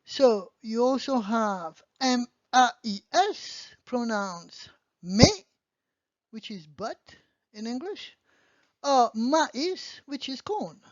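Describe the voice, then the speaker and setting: A woman's voice: fairly high pitch, expressive, slow, dry recording. A woman teaching a beginner language lesson, patiently explaining and often checking in with "okay?". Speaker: French teacher. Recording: dull lo-fi dry sound.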